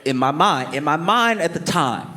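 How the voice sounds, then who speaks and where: Animated male stand-up storyteller. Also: fairly high pitch, normal speed. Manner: animated, acts out his own inner voice. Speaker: stand-up comedian. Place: comedy club stage with live audience. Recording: live club recording with audience noise.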